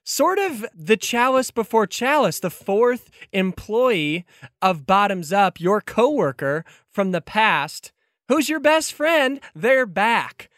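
A woman's voice: mid-range voice, sing-song, slow, dry recording, clean studio sound. A woman game master narrating a tabletop game with amused, giggly scene-setting.

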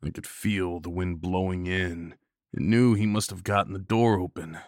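A man narrating a horror story in a grave, scripted reading with measured pauses. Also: sits low, steady tone, a little mellow, dry recording, clean studio sound.

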